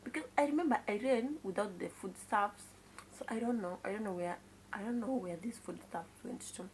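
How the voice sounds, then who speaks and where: A woman's voice: mid-range voice, a little fast, a little hiss or hum. A young Kenyan woman with a Kenyan accent telling a childhood story to her viewers in a casual, confiding way, dropping in Swahili words and frequent exclamations. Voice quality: mixes in Swahili words and exclaims "kai" often. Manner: confiding, chatty retelling to viewers. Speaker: vlogger.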